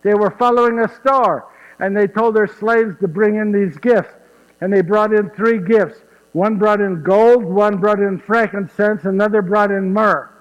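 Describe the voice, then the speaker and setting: A man's voice: high voice, fairly even intonation, a little slow. A man playing Saint Joseph, humble and awed. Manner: chuckles warmly at his own story, asks the audience directly. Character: Saint Joseph, humble earthly father, wonder-struck storyteller. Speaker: actor in a one-man stage show. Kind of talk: first-person dramatic monologue. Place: church. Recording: echoey church, dull muffled sound.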